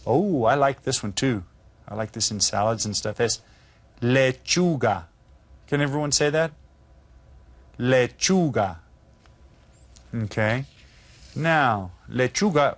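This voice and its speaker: A man teaching Spanish vocabulary to children, pronouncing each word slowly and drawn out, then asking the class to repeat it with friendly encouragement. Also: mid-range voice. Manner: slow, drawn-out pronunciation of vocabulary words.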